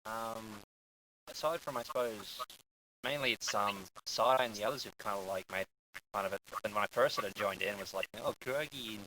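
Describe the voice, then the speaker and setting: An Australian man answering in a casual chat, soft-spoken with lots of ums. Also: lowish voice, steady tone, brisk, a little hiss or hum, rough recording.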